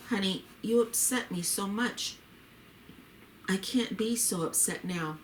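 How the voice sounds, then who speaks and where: A woman reading the lines of a tender, devout expectant wife in a story, gently and heartfelt. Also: medium pitch, takes it slowly, a little hiss or hum, natural voice. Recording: roomy echo.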